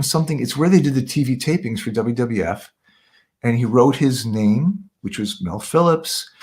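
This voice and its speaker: A man from Canada with a gravelly, creaky voice at an ordinary male pitch. He talks casually as an interview guest, circling back, correcting himself and dropping in "yeah, yeah". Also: a little mellow. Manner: rambling, self-correcting, repeats "yeah, yeah".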